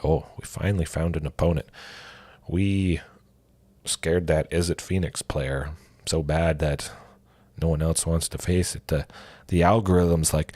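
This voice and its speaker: A man streaming a card game, commenting casually and thinking aloud, with excited exclamations and a lingering cough. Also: rumbling low, a little slow, slightly rough. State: coughing, with a cold.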